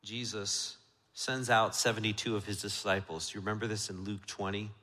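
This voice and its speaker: Guy preaching a sermon, bright ringy voice, big church echo, goes loud then real quiet. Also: fairly low pitch, little pitch movement, moderate pace. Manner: swings from loud emphatic to hushed intimate. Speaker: pastor. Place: church sanctuary. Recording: church sanctuary with long reverb.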